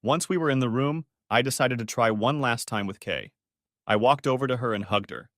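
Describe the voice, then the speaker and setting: A man's voice: mid-range voice, brisk, fairly bright tone, dry recording, studio quality. A man narrating a first-person story in a bitter, tight-lipped way.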